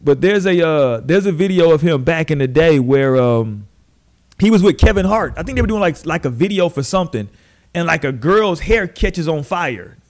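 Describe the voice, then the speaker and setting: A male podcast host with a voice pitched a little high. He tells stories in loose, profane, animated chat. He slips into quick impressions of the people he talks about.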